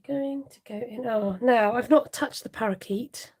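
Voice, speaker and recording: A woman with a fairly high, slightly mellow voice hosts a chatty live papercraft tutorial, speaking slowly and pausing often. She laughs a lot, mutters asides while working, and talks directly to viewers, reading out their comments. There's slight background noise.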